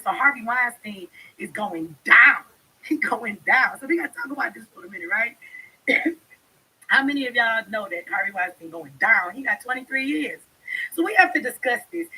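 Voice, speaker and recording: A woman's voice: fairly high pitch, bright, forceful tone, husky, poor audio. A young woman vlogger, chatting bluntly to her followers, laughing and swearing often. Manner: blunt, laughing, swears a lot, talks straight to viewers. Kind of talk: casual chat to camera.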